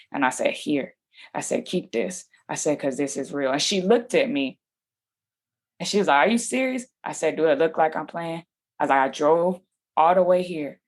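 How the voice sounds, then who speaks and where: A woman with a slightly low voice who tells her story in a lively, slangy way. She keeps jumping into the voices of the people in the story. Her delivery is relaxed and conversational. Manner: animated, slangy, acts out quoted dialogue. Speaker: podcast guest. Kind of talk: casual storytelling interview.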